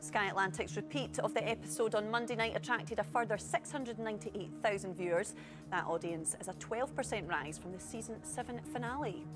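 A woman presenting an entertainment news show, bright and playful. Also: mid-range voice, fairly quick. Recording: music underneath.

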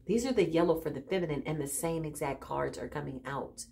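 A woman doing a casual spiritual tarot reading, animated and exclaiming often, with frequent laughs. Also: sits low, fairly quick, vocal fry, slight background noise. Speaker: tarot reader.

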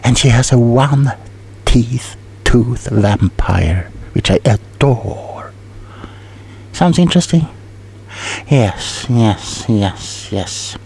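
A man's voice: mid-range voice, expressive, drawn-out words, vocal fry, husky, heavily acted. A man playing a rambling, scatterbrained tingle salesman in a whispered role-play, stumbling over his words. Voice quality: soft whispering. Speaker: ASMR role-play performer.

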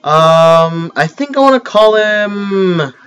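Excitable man commenting on gameplay. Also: high-pitched, takes it slowly, smooth, rough recording. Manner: excitable and joking, with sudden loud outbursts. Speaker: let's play host.

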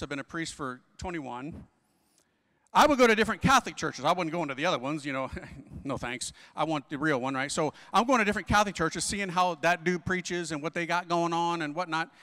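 A man's voice: high-pitched, sharp tone. A man in his forties, a Catholic priest, preaching at a conference in an emphatic, slangy way full of rhetorical questions. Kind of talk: energetic preaching. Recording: hall reverb.

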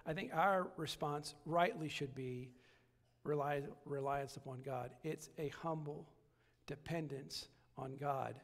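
A pastor delivers his sermon in a high voice, circling back on phrases and building to forceful peaks. The sound carries a long reverb from the church sanctuary. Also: slow, creaky. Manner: preaching with repetition, rising to emphatic peaks.

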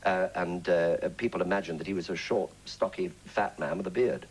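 Veteran English actor in his sixties, deep-voiced raconteur, for a 1980s TV studio interview. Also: normal speed, breathy edge, low-quality recording. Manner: lively storyteller, breaks into character voices and laughs. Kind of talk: anecdotal chat show interview. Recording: 1980s TV studio, faint hiss.

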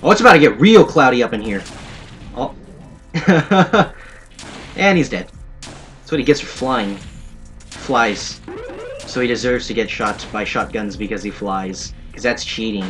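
With faint game music underneath, a young man provides let's play commentary on a shooter game as a gaming commentator, playful and sarcastic and given to jokey asides. His mid-range voice is animated and a bit bright, moving at a measured pace with frequent pauses.

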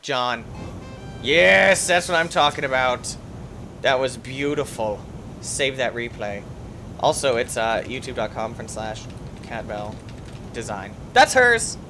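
A young man giving excitable let's-play commentary as a gaming YouTuber, yelping and shrieking when things go wrong. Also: mid-range voice, a little hiss or hum. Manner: excitable, yelps and shrieks at in-game deaths.

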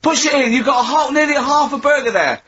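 A man's voice: very high-pitched, quick pace, pushed and bright, a little hiss or hum. A man with an English accent co-hosting a radio show, teasing and goading with lots of laughter. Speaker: radio co-host. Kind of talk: jokey radio banter. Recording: dull lo-fi radio broadcast.

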